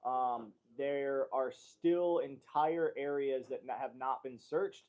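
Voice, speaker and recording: A man hosts a casual livestream from a studio, trading loose jokes with his co-hosts before turning earnest about preparedness. His voice sits in a middling pitch. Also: takes it slowly, darkish tone, lo-fi sound. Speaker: livestream host. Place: company studio.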